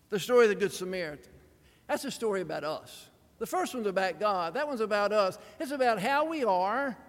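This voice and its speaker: A man preaching a sermon in an animated, dramatic way, with wry humorous asides. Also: sits high. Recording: long reverb of a large hall.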